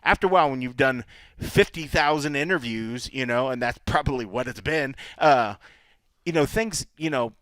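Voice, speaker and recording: A man co-hosting a podcast, telling stories in a rambling, animated way. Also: medium pitch, moderate pace, no echo. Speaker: podcast co-host. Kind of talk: casual chat.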